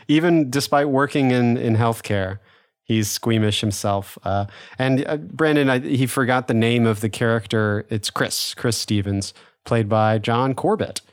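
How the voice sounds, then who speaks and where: A man's voice: medium pitch, measured pace, no echo, clean studio sound. A man co-hosting a podcast, chatting casually about an episode, laughing often and trailing off with fillers. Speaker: podcast co-host. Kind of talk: casual chat.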